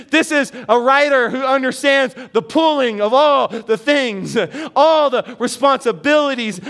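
A man's voice: extremely high pitch, a bit bright. A middle-aged man preaching a sermon as pastor, earnest and emphatic, with rising bursts of emphasis.

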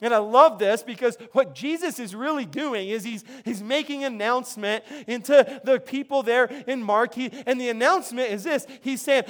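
Pitched extremely high and moving at a moderate pace, a male pastor delivers a sermon conversationally. He frequently restarts his sentences, repeating words as he goes.

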